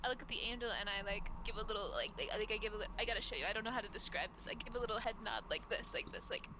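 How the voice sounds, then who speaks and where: A woman's voice: mid-range voice, racing, noisy background. A woman playing a comic tabletop role-play game on a stream, chatting with giggly, self-mocking banter. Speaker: player.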